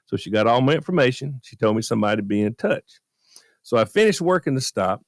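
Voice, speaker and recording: A man tells a story on a radio podcast, his pitch swinging widely as he acts out each person. The sound is dry and close, with no room around it. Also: fast, dry recording. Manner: animated storyteller, acts out quoted voices. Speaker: guest storyteller, former beer truck driver. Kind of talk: casual anecdote on a radio podcast.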